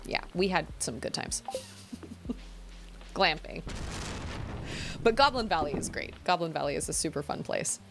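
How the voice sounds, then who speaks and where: Giggly woman streamer chatting while gaming. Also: a little high. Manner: giggly, rambling and animated. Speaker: game streamer. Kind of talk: casual chat while gaming.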